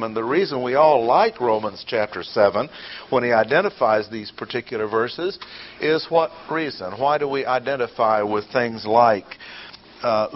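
Male Bible teacher, average pitch, patient and methodical, repeats key points; dull lo-fi tape. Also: a little hiss or hum. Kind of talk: classroom Bible lesson. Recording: dull lo-fi recording.

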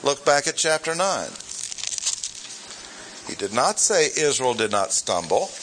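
A man teaching scripture verse by verse, slow and deliberate as he leans on each point. His voice is bright and lively, climbing high whenever he presses an emphatic answer. Faint room ambience sits behind him. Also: slight background noise, poor audio. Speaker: Bible teacher.

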